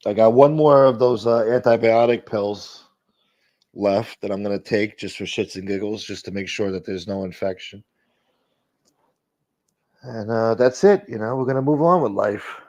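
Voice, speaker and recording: Livestream host: low-pitched New man, rambling and foul-mouthed, on dull lo-fi audio. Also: moderate pace, darkish tone. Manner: profane, rambling, reacting to viewer comments. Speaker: live stream host reading chat. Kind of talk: casual chat.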